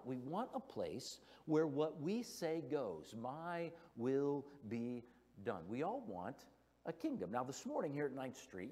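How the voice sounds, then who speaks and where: A man's voice: a little high, darkish tone, husky, big-room sound. A middle-aged man preaching a sermon in a church, telling stories with playful humor. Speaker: guest preacher. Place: church sanctuary.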